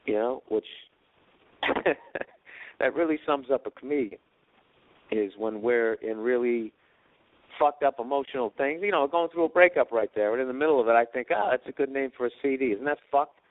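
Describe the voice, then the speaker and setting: In a dry, tinny recording that sounds like a phone and has no room sound, a podcast host with a mid-range male voice tells profane stories. His monologue is loose and rambling, and he performs the quotes of other people in their voices.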